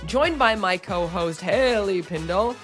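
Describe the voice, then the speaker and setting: A woman podcast host with a voice worn hoarse and raspy by a cold. She talks in lively casual chat and acts out other people's lines. Her voice sits mid-range. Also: mid-range voice, measured pace, faint music behind. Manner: animated, laughs easily, acts out quotes.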